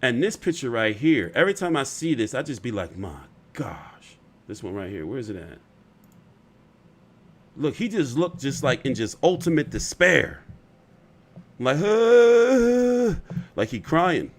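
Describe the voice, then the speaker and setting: A man's voice: mid-range voice, sing-song, normal speed, pauses often, fairly bright tone. A man hosting casual boxing commentary, rambling and opinionated, often profane.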